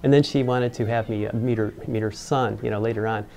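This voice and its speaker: A man's voice: on the low side, steady tone, fairly quick, vocal fry, a little mellow, slight background noise. A man being interviewed, telling a personal story in a rambling way with many fillers and restarts. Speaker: engineer interviewed about mascot costuming.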